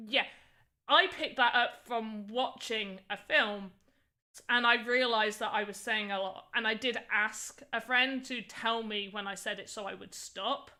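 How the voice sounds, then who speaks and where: A woman's voice: fairly high pitch, unhurried, pushed and bright. A young woman chatting casually and rambling on a livestream while she works on voxel art. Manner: chatty, rambling, frequent "like" fillers. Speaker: streamer.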